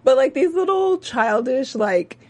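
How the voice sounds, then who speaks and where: A woman's voice: sits high, animated, unhurried. A woman co-hosting a casual after-show chat, emphatic and opinionated, her voice jumping up when she gets worked up. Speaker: co-host. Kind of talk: casual chat recapping a TV episode.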